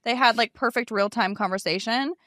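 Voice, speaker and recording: A woman's voice: fairly high pitch, fairly quick, fairly bright tone, dry recording, studio quality. A woman co-hosting a podcast, chatting casually with giggles and lots of fillers. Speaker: podcast co-host. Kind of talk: casual chat.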